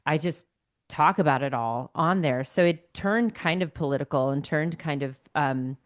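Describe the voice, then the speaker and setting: A woman's voice: deep voice, normal speed, no echo. Chatty woman in her late forties, dry sound. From Northern California. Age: late 40s. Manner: chatty, animated storyteller. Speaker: podcast guest, actress. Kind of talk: casual conversation. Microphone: computer call.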